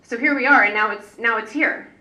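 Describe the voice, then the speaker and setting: A woman's voice: on the high side, fairly quick, bright, forceful tone, lo-fi sound. A woman parent organizer speaking off the cuff on a public panel, earnest and rambling, full of fillers and restarts. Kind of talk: unscripted panel talk. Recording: echoey hall, mic at a distance.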